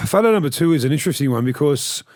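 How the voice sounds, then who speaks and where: Excitable host, stammering. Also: male voice, a little high, fast talker, no echo, clean studio sound. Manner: stammering restarts, excitable reactions. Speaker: podcast host. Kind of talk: casual interview chat.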